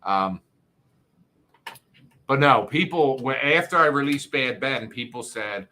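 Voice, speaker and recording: South jersey guy rambling on a livestream, swears a lot, bright forceful voice. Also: medium pitch, expressive, moderate pace, a little hiss or hum. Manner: rambling, profane, reads chat comments aloud. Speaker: filmmaker hosting a livestream. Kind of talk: casual livestream chat.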